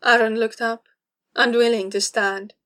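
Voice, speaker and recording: A woman narrating a story aloud in a steady, expressive way. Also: on the high side, measured pace. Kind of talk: reading fiction aloud.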